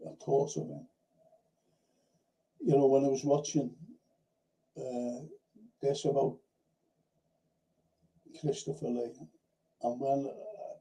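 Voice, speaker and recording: Gravelly dark-voiced male host. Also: medium pitch, poor audio. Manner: rambling anecdotal storytelling, frequent restarts; swears casually. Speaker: host of a film and TV review show. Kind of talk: casual livestream chat.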